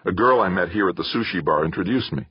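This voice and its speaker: A man's voice: deep voice, animated, fast talker, breathy edge, dry recording, muffled recording. A man reading an audiobook, voicing an eager young man who pleads with his father.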